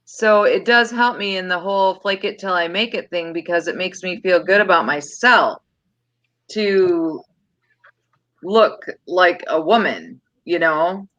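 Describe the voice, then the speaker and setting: A woman's voice: fairly low pitch, measured pace, fairly bright tone, lo-fi sound. A woman chatting on a video call, candid and plainspoken, joking about herself. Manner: candid, self-deprecating, plainspoken. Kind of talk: casual chat.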